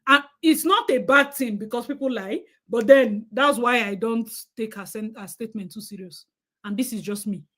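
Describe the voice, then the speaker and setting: A Nigerian woman with a high voice hosts a live stream. She talks straight to her viewers, giving pointed opinions with emphasis. She switches easily into Nigerian Pidgin. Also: fairly bright tone.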